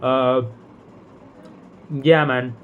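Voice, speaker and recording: A man's voice: mid-range voice, level tone, extremely slow, clean tone, narrow, tinny audio. A young man, rambling and swearing in a casual, exasperated rant to the camera. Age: young adult. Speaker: vlogger.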